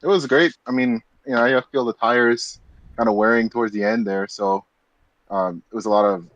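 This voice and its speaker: A man, a sim racing driver, answering post-race questions in a relaxed, polite way with hesitant fillers. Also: mid-range voice, moderate pace, no room sound, lo-fi sound. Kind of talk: casual post-race interview.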